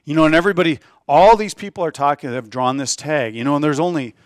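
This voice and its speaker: A man in casual chat recalling a hunt, halting and restarting as he talks. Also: a little high, no room sound, studio quality. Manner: halting, many restarts, enthusiastic. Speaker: hunter guest.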